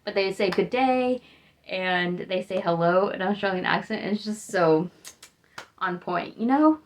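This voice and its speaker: Medium in pitch and moderate in pace, this young woman from the United States vlogs in a casual, rambling way. She stays upbeat, yet there's tiredness in her voice.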